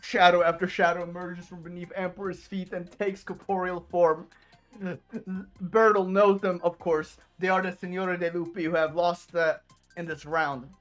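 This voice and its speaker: A woman streamer reading a game's story text aloud in a plain, steady way. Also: lowish voice, moderate pace, soft background music.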